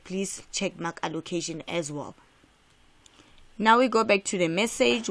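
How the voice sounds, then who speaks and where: A South African woman with a fairly low, fairly bright voice teaches an exam revision lesson. She's emphatic, repeats key points, and keeps restarting with fillers.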